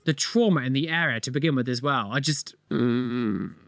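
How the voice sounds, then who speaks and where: A man's voice: mid-range voice, moderate pace, no echo. A British man in his twenties, a piercer reacting to videos with sarcastic, exasperated commentary. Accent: British English. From United Kingdom.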